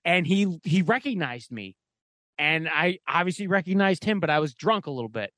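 High-voiced man telling a rambling story. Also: animated, moderate pace, fairly bright tone, dry recording. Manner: profane, rambling, lots of "like" fillers. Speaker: podcast co-host. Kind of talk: casual storytelling chat.

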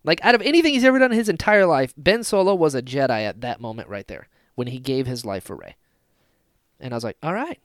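A man in casual conversation on a podcast, his voice pitched a bit high and swinging widely as he gets worked up. He acts out moments with sudden loud exclamations. The sound is dry and close, with no room behind him. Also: dry recording. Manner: excitable, acts out scenes with sudden loud outbursts. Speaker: podcast co-host. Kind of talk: casual fan discussion podcast.

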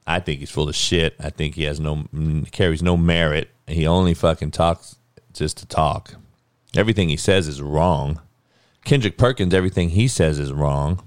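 A man's voice: very deep voice, moderate pace, smooth, dry recording, clean studio sound. A man hosting his own podcast, ranting bluntly and profanely in a heated, casual way. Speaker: podcast host. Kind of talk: casual opinion rant.

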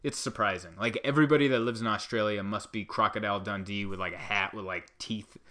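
A man delivering a rambling comedic monologue, animated and full of asides. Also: on the low side, fast talker.

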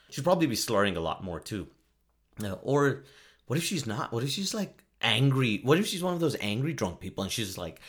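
Lively, joking male vlogger. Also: medium pitch, a little fast. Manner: joking, self-mocking, frequent laughs. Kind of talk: casual commentary monologue.

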